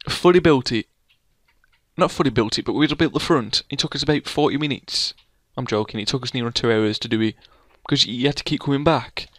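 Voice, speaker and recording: A man's voice: mid-range voice, fairly bright tone, no room sound. Rambling guy gaming. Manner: rambling, playful, teasing his co-player. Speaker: let's play gamer. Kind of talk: casual gameplay commentary.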